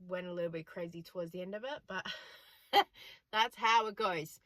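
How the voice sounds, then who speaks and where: A woman's voice: on the low side, moderate pace, fairly bright tone, dry recording. An Australian woman in her forties, a chatty vlogger telling stories and laughing often. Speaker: frugal living vlogger. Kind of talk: casual vlog chat.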